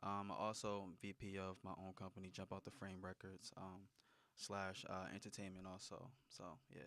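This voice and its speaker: A young man from New Jersey chats casually as a podcast guest, easygoing and full of slang. His voice is low and gravelly. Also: completely flat delivery, normal speed, fairly bright tone, dry recording. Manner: laid-back, slangy. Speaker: guest musician.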